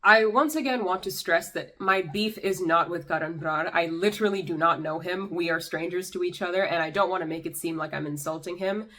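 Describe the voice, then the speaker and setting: A woman's voice: fairly low pitch, a little fast, hardly any pauses, fairly bright tone. A young woman hosting a commentary vlog, delivering an exasperated, sarcastic rant. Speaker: YouTube commentator.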